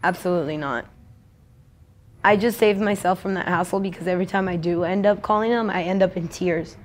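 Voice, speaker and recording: A woman's voice: fairly low pitch, fairly quick, a little hiss or hum. A young adult woman in a casual street interview, talking in a rambling, slangy, profane way.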